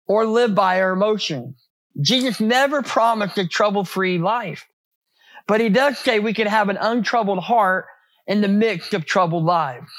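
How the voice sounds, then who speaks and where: A man's voice: high voice, a bit bright, no room sound. A man preaching a sermon as pastor, in a conversational way with many rhetorical questions and repeated words.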